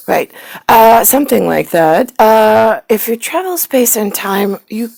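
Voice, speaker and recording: A woman talking in a casual, meandering monologue at home, now and then dropping into hushed, whispery asides. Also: a little high, expressive, unhurried, creaky, dry recording.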